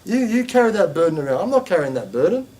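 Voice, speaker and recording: A male religious teacher gives a class in a lively, emphatic manner. He fires off rhetorical questions and stresses his points by repeating them. His voice sits fairly high for a man. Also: fast talker. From Australia.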